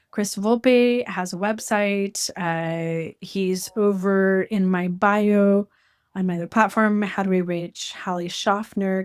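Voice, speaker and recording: A woman hosting a casual conversation, talking in an animated, talkative way with quick asides. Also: medium pitch, smooth. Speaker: host.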